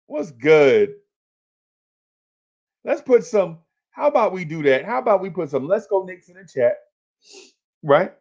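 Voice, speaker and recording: A man's voice: sits high, sing-song, unhurried, pauses often, darkish tone, highs cut off. A man hosting a fan livestream, talking casually and hyping up his chat in repetitive, slangy calls.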